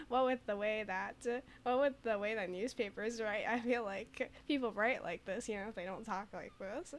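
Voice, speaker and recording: A young woman giggles and chats as she streams a game, reading the dialogue aloud and musing about it. Her voice sits a little high and sounds casual and playful. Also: animated, normal speed, few pauses. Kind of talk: gameplay commentary.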